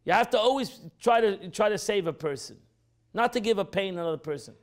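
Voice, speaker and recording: A man teaching an informal Torah class as a rabbi, animated and repetitive, acting out quotes as he explains. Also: high-pitched, fast. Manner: animated, repeats phrases, acts out quotes.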